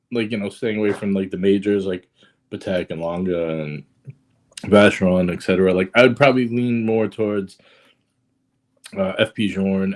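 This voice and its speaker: A man with a low, slightly mellow voice chats casually as a guest on a watch livestream. He sounds hesitant, full of fillers and restarts.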